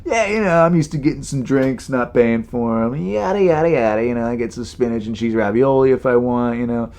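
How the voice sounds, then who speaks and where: A man's voice: mid-range voice, brisk, a little mellow. A man hosting his podcast, telling stories in a rambling casual monologue full of "you know" fillers and exasperated imitations of people. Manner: mimics people in exasperated quoted asides. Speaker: podcast host.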